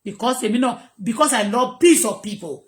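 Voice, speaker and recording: A woman's voice: on the high side, lively intonation, a little fast, reverberant. A Nigerian woman vlogging from home, ranting emphatically and repeating herself as she switches between Pidgin, English and Yoruba. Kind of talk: ranting monologue to viewers.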